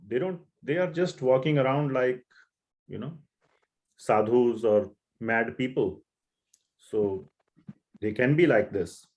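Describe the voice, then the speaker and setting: A man's voice: medium pitch, darkish tone, low-quality recording. A man teaching a scripture class, retelling a story in simple, conversational words. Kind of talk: storytelling lecture.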